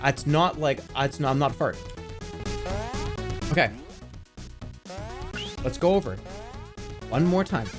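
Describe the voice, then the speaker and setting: A man in his forties talking on a live stream, his voice sitting a little higher than most men's. He rambles and argues with animated energy, piling up fillers and the odd curse word, all in a loose, casual chat. He sounds like he is speaking into a desk mic at his streaming setup. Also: measured pace, pauses often, music in the background. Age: 40s.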